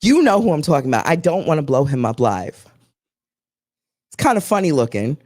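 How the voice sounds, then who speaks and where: A woman's voice: low-pitched, brisk, dry recording, studio quality. A woman co-hosting a live chat show, telling stories bluntly and swearing often. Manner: animated, blunt storytelling with frequent profanity. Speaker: podcast co-host.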